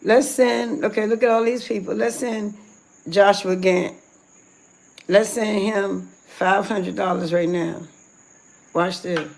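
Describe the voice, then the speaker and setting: A woman's voice: mid-range voice, steady tone, takes it slowly, gravelly, pauses often, a little mellow. A woman ranting on a livestream, furious and profane, venting at people she says scammed her. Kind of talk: angry livestream rant.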